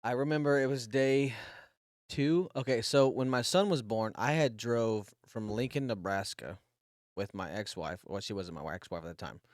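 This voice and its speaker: A man's voice: mid-range voice, normal speed, no room sound. Man, 30s, podcast co-host, casual rambling storytelling, swears a lot, restarts sentences, dry close sound.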